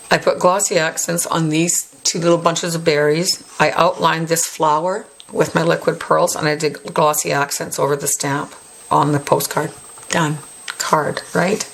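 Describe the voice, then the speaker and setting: A woman hosting a craft tutorial, chatting casually as she shows her work and often adds a quick "right?". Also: low-pitched. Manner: chatty, tacks on "right?" tag questions. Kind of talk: casual show-and-tell tutorial.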